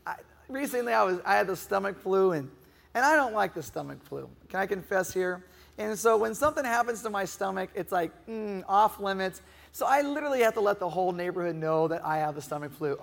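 A middle-aged man preaches from the pulpit in a hall with a long, ringing reverb. His voice sits high and has a gravelly edge. He keeps asking the congregation questions and now and then acts out a whiny, moaning voice. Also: lively intonation, a little fast, fairly bright tone. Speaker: pastor. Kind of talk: sermon. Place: church hall.

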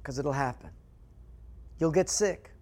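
A man preaching a sermon as pastor, telling stories with animation and dropping to quiet emphasis. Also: on the high side, unhurried.

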